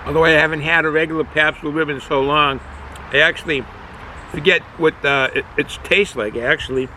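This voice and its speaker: A man giving a casual beer review outdoors, pausing and searching for his words. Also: a little high, fairly even intonation, pushed and bright, slight background noise, low-quality recording. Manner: halting, searching for words, fillers.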